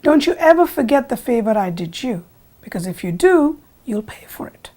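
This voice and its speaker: A woman storyteller voicing a scheming male jackal who warns a bull in a hushed, menacing whisper. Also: fairly high pitch, very animated, normal speed.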